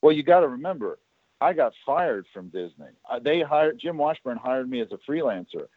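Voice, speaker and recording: A man's voice: medium pitch, normal speed, no echo. A man telling stories from his career in a casual chat, acting out the lines of the people in them. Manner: animated storyteller who acts out other people's lines. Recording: tinny phone-like line, dry.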